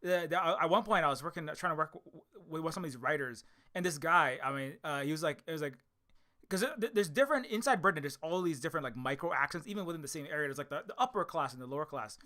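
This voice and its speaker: A man casually telling a story on a stream, halting with many stammered restarts. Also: a little high, animated, pushed and bright. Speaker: stream guest.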